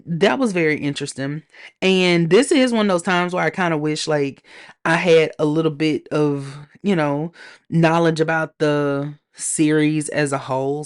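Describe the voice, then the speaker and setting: Woman host, solo review chat; animated, sassy delivery, slightly low voice. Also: clear, resonant tone. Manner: animated, sassy, playful slang. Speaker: TV show reviewer.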